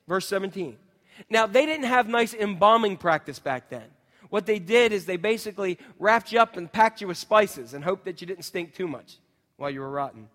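A man's voice: sits high, fairly bright tone. A man preaching a sermon, retelling scripture in casual modern speech and asking the congregation questions. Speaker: pastor. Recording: long hall reverb.

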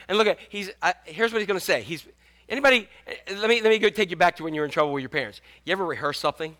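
A man's voice: high voice, very fast, sharp tone. A man in his fifties preaching a sermon in a casual, jokey way, restarting often. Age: 50s. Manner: conversational, jokey, many restarts. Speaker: pastor.

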